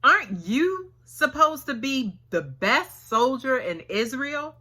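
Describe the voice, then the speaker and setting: A woman's voice: sits high, very animated, takes it slowly, bright, forceful tone, breathy edge, voice pushed up, exaggerated voice. Woman voicing David, an earnest pleading young warrior. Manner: pleading questions in casual slang.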